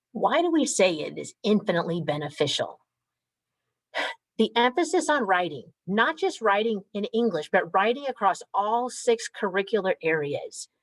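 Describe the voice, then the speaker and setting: A woman who coordinates a school program gives a clear, methodical and upbeat presentation to parents over a video call. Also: medium pitch, no room sound, poor audio.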